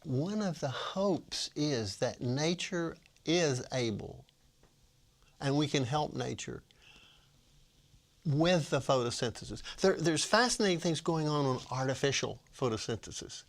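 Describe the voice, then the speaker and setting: A man's voice: fairly high pitch, expressive, measured pace. An older man, a retired professor, talking about his book as a guest in an interview, with frequent restarts and fillers. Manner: hesitant, many restarts and fillers. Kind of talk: casual interview talk.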